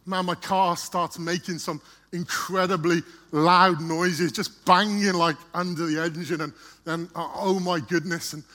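A man's voice: high voice, steady tone, a little slow, bright, forceful tone. A man speaking to a church, telling a personal story in a chatty way, often repeating and restarting words. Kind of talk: storytelling sermon.

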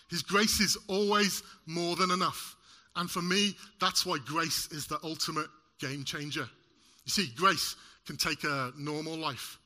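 Bright, lively man preaching a sermon. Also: fairly high pitch. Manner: animated, uses props and jokes with the congregation. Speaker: lay preacher. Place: church service in front of a congregation.

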